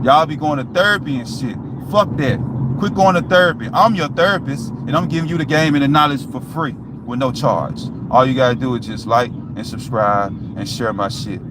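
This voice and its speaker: A man talks straight to his viewers, loose and profane, pushing them to stay focused and keep going. He keeps circling back to "you know what I'm saying." His voice comes through an outdoor recording with traffic and city noise clearly audible behind him. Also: fairly high pitch, normal speed. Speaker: YouTube vlogger. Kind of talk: casual motivational talk to viewers.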